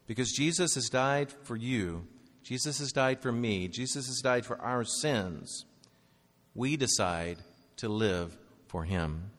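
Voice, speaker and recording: A man preaching a sermon, moving between loud urgent peaks and hushed, slow low passages. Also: in a large hall. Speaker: pastor.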